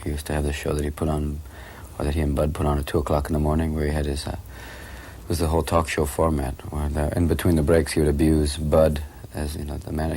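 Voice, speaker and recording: A man reminiscing in an interview, telling stories in an animated way. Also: rumbling low, slight background noise. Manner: animated, fast storytelling.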